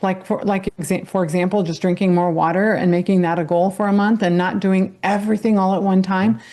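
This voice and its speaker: A woman's voice: mid-range voice, fairly even intonation, fairly quick, warm tone. A woman doctor appearing as a guest, patiently explaining health matters in casual chat.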